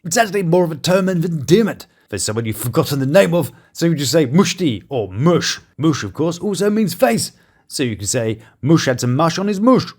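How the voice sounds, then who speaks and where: A man's voice: fairly high pitch, very animated, brisk, a little mellow. A man hosting a comic review show, narrating with sarcastic, jokey commentary. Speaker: YouTube show host and reviewer.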